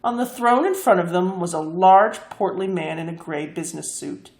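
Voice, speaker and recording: A woman reading a fantasy story aloud, expressive and lively. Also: lowish voice, normal speed. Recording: echoey room.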